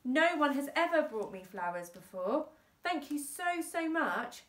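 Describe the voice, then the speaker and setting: A woman voicing a fussy, eccentric spinster aunt who talks in a high, gushing, theatrical way in a storybook reading, recorded in an echoey room on a distant mic. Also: very animated, a little slow, a bit bright.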